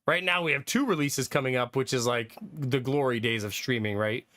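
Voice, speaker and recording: A man's voice: mid-range voice, moderate pace, a bit bright. A young man streaming live, rambling casually to his chat about which games he plans to play, with lots of fillers. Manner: rambling, thinking aloud, frequent fillers and laughs.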